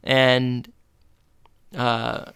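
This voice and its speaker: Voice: mid-range voice, monotone, very slow, vocal fry, fairly bright tone, clean tone, no echo, clean studio sound. A co-host on a casual rewatch podcast, recapping scenes in a laid-back way.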